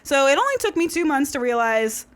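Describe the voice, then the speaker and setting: A woman co-hosting a podcast in casual chat, relaxed and joking while she tells a story. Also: high voice, a little fast. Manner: relaxed, joking, swearing freely. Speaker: podcast co-host.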